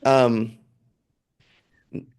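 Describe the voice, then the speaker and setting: A man in his fifties, a podcast guest telling a family travel story in a casual, animated way, acting out what people said. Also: very slow. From United States. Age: 50s.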